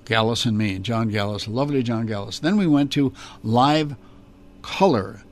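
An older man, a former children's television performer, recalling his early career in an interview, animated and laughing often as he tells stories. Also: medium pitch, moderate pace. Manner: animated storyteller, slips into character voices and laughs often. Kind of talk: reminiscing interview.

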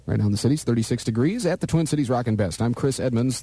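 A man's voice: medium pitch, animated, fast, mellow, breathy edge. A man hosting a morning radio show, jokey and rambling, slipping into mock outrage. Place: radio studio.

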